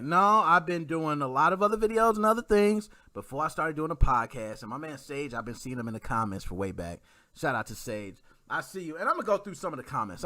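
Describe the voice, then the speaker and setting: A man hosting his own livestream podcast, chatting in slang, giving shout-outs and reading out viewer comments. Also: fairly high pitch. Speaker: podcast host. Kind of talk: casual livestream podcast chat.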